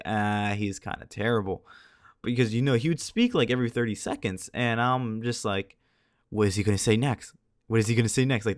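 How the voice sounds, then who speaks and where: A man's voice: fairly low pitch, no echo, studio quality. A teenage boy chatting casually over gameplay as a video commentator, tired and a little scratchy-voiced, rambling along and laughing at himself. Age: teens.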